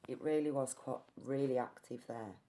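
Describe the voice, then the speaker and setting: Speaking in a mellow bass voice with fairly even intonation and moderate pace, an English woman narrates a ghost hunt she went on as a ghost hunter. Her telling is earnest and storytelling, with some restarted words.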